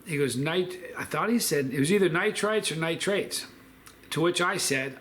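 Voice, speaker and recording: A man's voice: fairly high pitch, moderate pace, a bit bright, slight background noise. A man hosting a food review vlog, telling a long story in a rambling, chatty way with lots of fillers.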